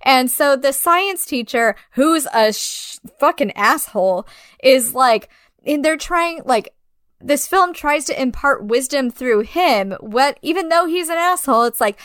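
High-voiced, sarcastic woman reviewing a film. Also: animated, unhurried, fairly bright tone, no room sound, studio quality. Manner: blunt, sarcastic, swears often. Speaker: podcast co-host. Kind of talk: casual film review chat.

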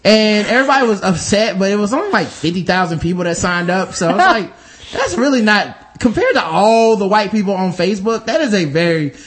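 A man's voice: high-pitched, animated, brisk, hardly any pauses, fairly bright tone. A man in casual podcast chat, rambling through comic riffs full of swearing and mock voices.

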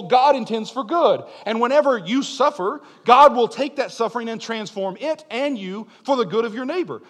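Impassioned high-voiced young male preacher. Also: lively intonation, a little fast, hardly any pauses. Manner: impassioned, swings from loud declarations to quiet asides. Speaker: pastor. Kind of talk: sermon. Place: church sanctuary. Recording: long hall reverb.

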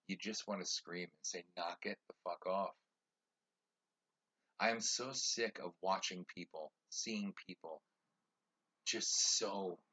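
Husky ranting man, dull lo-fi audio. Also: lowish voice, fairly bright tone. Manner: fired-up, preachy, repeats phrases for emphasis. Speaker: podcast host. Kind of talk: ranting social commentary.

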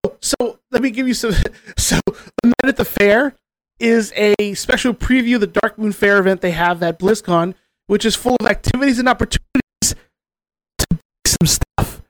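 A man's voice: high-pitched, moderate pace, dry recording. A man hosting a casual podcast, venting with sarcasm and casual swearing. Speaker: podcast host.

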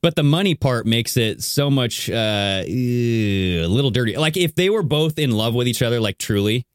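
A man's voice: medium pitch, normal speed, no room sound, studio quality. A man hosting a casual podcast chat, telling a story with lots of laughs and "dude". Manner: animated storyteller, laughs often, says "dude".

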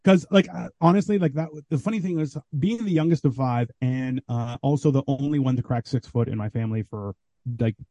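Animated man with a dark voice. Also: mid-range voice, a little fast, dry recording, lo-fi sound. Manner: animated storyteller, acts out quoted voices. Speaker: podcast guest, comedian. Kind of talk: casual chat.

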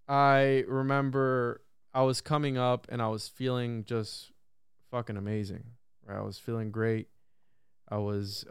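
A man's voice: medium pitch, smooth, no echo, studio quality. Swearing young man telling a story. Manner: animated, heavy swearing, quick repeated restarts. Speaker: podcast guest. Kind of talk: casual storytelling chat.

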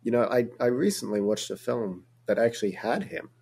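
A man co-hosting a podcast, chatting in a relaxed way and laughing often. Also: medium pitch, brisk, gravelly, slightly rough. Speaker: podcast co-host. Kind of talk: casual chat.

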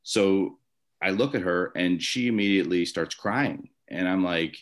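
Speaking in an unhurried, low voice, this Chicago-area man, a former baseball umpire, is interviewed from his home office. He tells stories conversationally, rambling with restarts and fillers.

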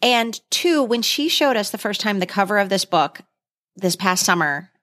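A woman's voice: medium pitch, lively intonation, normal speed, a bit bright. A woman co-hosting a podcast, chatting casually with nostalgic enthusiasm. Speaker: podcast co-host. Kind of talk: casual chat.

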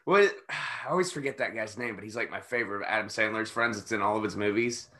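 A man co-hosting a podcast, chatting casually and excitedly as he watches a wrestling match, swearing often and joking. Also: fairly low pitch, quick pace. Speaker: podcast co-host.

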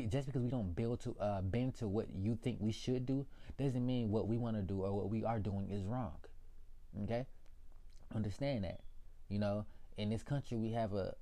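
Young man, lowish voice, casual profane rant, rambling, talks to viewers. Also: mellow. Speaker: political vlogger.

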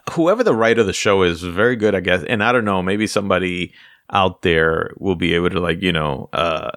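A man's voice: low voice, a little fast, a bit bright, no room sound, clean studio sound. A man from the Bronx, chatting casually on a podcast, laughing often and rambling with lots of fillers. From the Bronx, New York.

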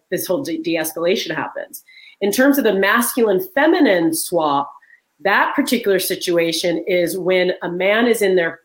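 A woman in her forties, a guest author in a conversational interview, telling animated stories and acting out what people said. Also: lowish voice, poor audio. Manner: animated storytelling, acts out quoted voices. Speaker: guest author and leadership trainer.

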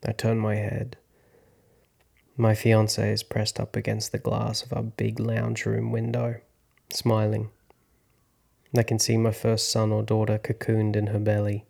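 Gravelly, low and flat, this thirtysomething man's voice suits slow, reflective storytelling. He's a podcast host and actor telling a tale in the first person.

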